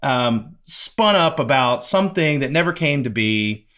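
A man hosting a podcast, asking questions in a relaxed, rambling conversational way. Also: mid-range voice, measured pace. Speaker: podcast host. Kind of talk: casual interview conversation.

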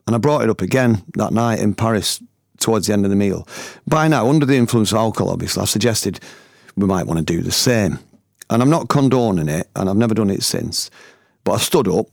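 A man's voice: on the low side, gravelly, no room sound, clean studio sound. A middle-aged man from the north of England, telling a personal anecdote in colloquial, chatty language and laughing as he goes. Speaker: storyteller and former band member. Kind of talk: anecdotal storytelling.

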